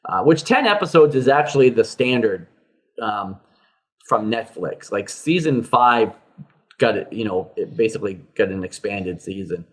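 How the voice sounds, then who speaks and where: A man's voice: on the low side, lively intonation, normal speed, a bit bright. Rambling man chatting on a podcast. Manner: rambling, many fillers and restarts. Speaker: podcast co-host. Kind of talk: casual chat.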